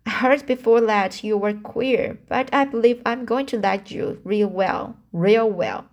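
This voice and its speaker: A woman voicing a frank, cheerful young girl in a storybook reading, slow and halting. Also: a little high.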